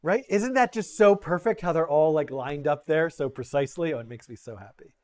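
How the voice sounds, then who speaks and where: Chatty, playful coding tutorial host. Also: male voice, fairly high pitch, a little fast, a little mellow. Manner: playful, self-deprecating, chatty with frequent laughs. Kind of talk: live-streamed coding tutorial.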